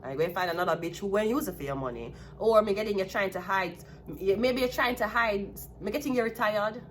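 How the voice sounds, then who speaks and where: A woman's voice: mid-range voice, a little fast, noisy background. A woman with a Jamaican accent giving a solo tarot reading, talking bluntly and with plenty of profanity. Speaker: tarot card reader.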